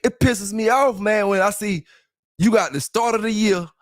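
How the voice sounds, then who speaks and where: A man's voice: fairly high pitch, dry recording, clean studio sound. A middle-aged man hosting a livestream in casual chat, rambling and repeating himself as he talks straight to his listeners. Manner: rambling and repetitive, addressing listeners directly. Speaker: livestream host.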